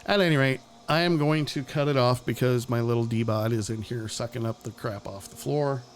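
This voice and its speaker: A man hosts a casual talk show and speaks bluntly, swearing freely. He often breaks into chuckles as he talks. His voice sits at an ordinary pitch for a man. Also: moderate pace, a little hiss or hum. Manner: blunt and profane, with frequent chuckles. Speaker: podcast host.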